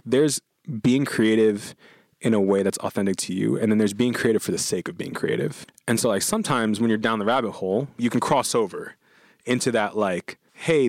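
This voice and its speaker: A man's voice: on the low side, no echo, clean studio sound. A man from New Jersey, a musician, chatting casually in a rambling way and laughing often. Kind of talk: casual chat.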